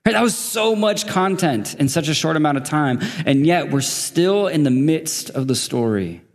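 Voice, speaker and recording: A man's voice: fairly high pitch, lively intonation, normal speed, long reverb tail. A man preaching as a guest at a church service, conversational, with laughing asides and questions to the congregation. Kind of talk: sermon. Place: church sanctuary.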